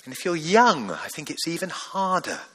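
High, bright-voiced preacher. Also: male voice, very animated, moderate pace, breathy edge. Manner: emphatic and exhorting, repeats phrases. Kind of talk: sermon.

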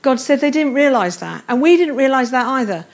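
A woman's voice: high-pitched, animated, fairly quick. A middle-aged woman preaching a sermon, earnest and tender as she reads and explains scripture.

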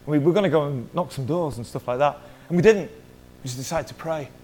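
A man's voice: a little high, a little fast, darkish tone, a little hiss or hum, low-quality recording. A middle-aged man preaching a sermon as a pastor, telling a story in a chatty way and joking with the congregation. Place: church hall.

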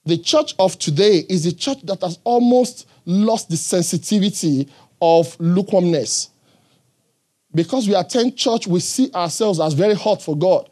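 A man's voice: high-pitched, animated, moderate pace, dark tone, husky. A man preaching a sermon in an earnest, emphatic way, often checking in with the congregation.

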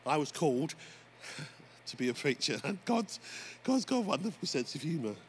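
A man preaching a sermon as pastor, telling stories with lively energy and calling out to the congregation. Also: a little high, moderate pace. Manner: animated storytelling preacher, often addressing "folks". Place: church. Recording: faint background noise.

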